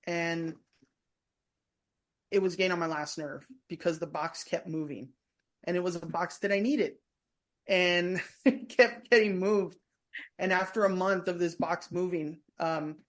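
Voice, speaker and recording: A woman telling stories as a guest in a casual interview, meandering and often restarting her sentences. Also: lowish voice. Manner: chatty, meandering, full of restarts. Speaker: guest, former prison staff member and tour guide. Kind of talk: casual storytelling in a podcast interview.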